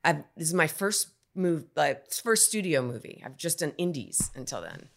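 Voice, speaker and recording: Actor guest, woman, low gravelly voice, animated candid storyteller. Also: moderate pace. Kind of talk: casual podcast storytelling.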